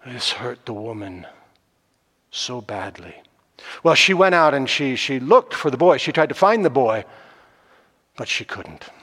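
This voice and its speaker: A man telling a folk tale, slow and deliberate, swinging from loud passages to hushed ones. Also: mid-range voice, very animated, breathy edge. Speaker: storyteller. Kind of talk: oral storytelling. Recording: long hall reverb.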